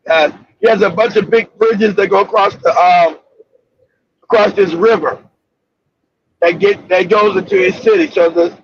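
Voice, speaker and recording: A man hosting a casual talk show, telling rambling, profane stories with bursts of shouting. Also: high-pitched, slight background noise. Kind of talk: casual storytelling chat. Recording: dull lo-fi audio.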